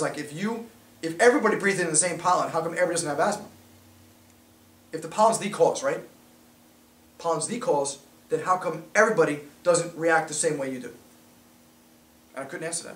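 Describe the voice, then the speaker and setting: A middle-aged man, a chiropractor telling a story to a small group in an animated, chatty way. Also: on the high side, a little hiss or hum. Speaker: chiropractor giving a new patient talk. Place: small office talk room. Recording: echoey room, from a distance.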